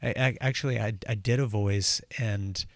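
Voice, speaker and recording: A man as a guest on a morning radio show, chatting in a relaxed, rambling way with lots of restarts. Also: on the low side, moderate pace, no echo. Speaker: guest musician and actor. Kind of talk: casual radio interview chat. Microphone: studio microphone, dry.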